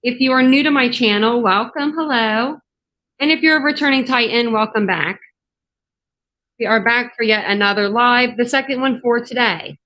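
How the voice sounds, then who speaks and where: A woman hosting a true crime livestream, a little hoarse, chatting casually with many fillers and greeting viewers in the chat. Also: fairly high pitch, moderate pace, sharp tone, poor audio. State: slightly hoarse. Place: home office studio.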